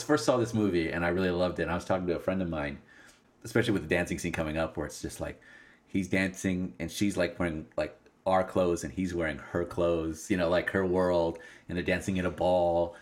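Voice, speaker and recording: A man in casual film discussion, animated, laughing often and acting out lines from scenes. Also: sits low.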